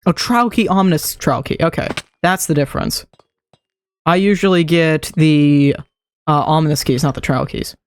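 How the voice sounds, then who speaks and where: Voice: medium pitch, normal speed, smooth. A streamer giving casual gameplay commentary, muttering and thinking aloud to themself.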